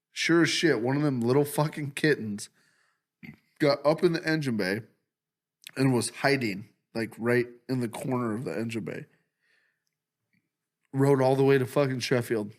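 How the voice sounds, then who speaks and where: A man's voice: mid-range voice, moderate pace, pauses often. A man co-hosting a casual comedy podcast, telling stories full of swearing and laughter and acting out what he said at the time. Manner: profane, laughing storyteller who acts out his own lines. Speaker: podcast co-host. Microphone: studio podcast mic.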